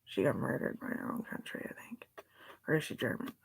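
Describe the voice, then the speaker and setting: A woman talking in a loose, drifting casual monologue, often sinking into a whisper. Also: fairly quick.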